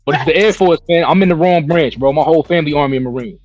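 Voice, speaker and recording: A man's voice: a little high, rapid-fire, a little mellow, highs cut off, soft background music. A man in his thirties from New Jersey, a podcast guest talking casually about his Air Force years in laid-back slang. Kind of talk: casual chat.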